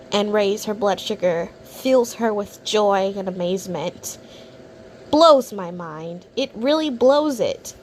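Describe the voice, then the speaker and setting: A woman's voice: mid-range voice, slight background noise. A woman hosting a reaction video, commenting in a sneering, contemptuous way.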